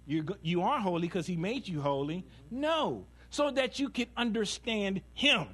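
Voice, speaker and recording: A man preaching a sermon in a conversational, humorous way, asking rhetorical questions and slowing down for emphasis. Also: sits high, expressive, fairly bright tone. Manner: conversational and humorous, laughing at his own stories; rhetorical questions, dramatic slowdowns.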